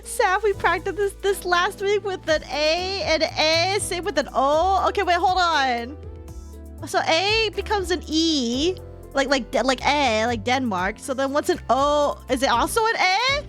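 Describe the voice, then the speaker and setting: A woman's voice: very high voice, expressive, a little slow, fairly bright tone, soft background music. A woman streamer in a casual game stream, reading the story aloud and bantering playfully with her chat, laughing often.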